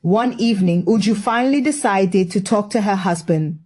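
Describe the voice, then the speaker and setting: A woman's voice: mid-range voice, moderate pace, darkish tone. A woman telling a scripted story in a wry, gossipy manner.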